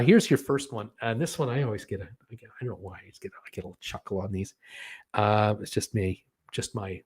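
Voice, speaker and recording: A man's voice: mid-range voice, a little mellow. A man hosting a live-stream trivia show, reading viewer comments in a chatty way, full of "uh" fillers and chuckling at his own jokes. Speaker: host of a live cruise news and trivia stream.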